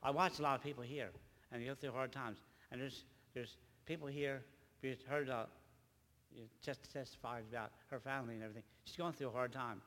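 An older man, a grandfather, preaching a rambling church testimony with halting, repeated words. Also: medium pitch, steady tone, a bit bright, big-room sound. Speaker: lay preacher.

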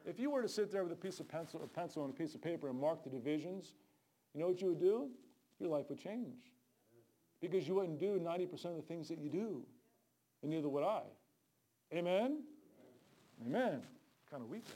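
A middle-aged male street preacher with a high voice. He preaches with fervor, calls out for amens and acts out the people he meets on the street. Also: lively intonation, brisk, dark tone. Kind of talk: sermon.

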